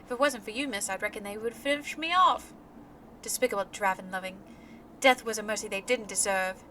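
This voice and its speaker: A woman's voice: mid-range voice, brisk, pushed and bright, a little hiss or hum, close to an everyday voice. A woman reading out a grateful wounded male knight in her own plain voice. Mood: earnest.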